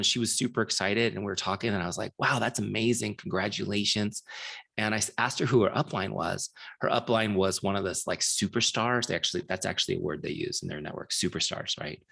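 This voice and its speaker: A middle-aged man with a lowish voice runs a live training session. He talks in a loose, chatty way, full of fillers, and keeps checking that his listeners follow him. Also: gravelly, pushed and bright. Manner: casual, chatty, frequent "like" and rhetorical checks. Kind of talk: live training talk with a story.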